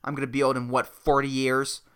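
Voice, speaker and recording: A man's voice: mid-range voice, completely flat delivery, brisk, fairly bright tone, clear, resonant tone. A man in his twenties hosting a podcast, ranting in a profane, exasperated way with lots of fillers. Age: 20s. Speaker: podcast host. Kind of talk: solo comedic rant.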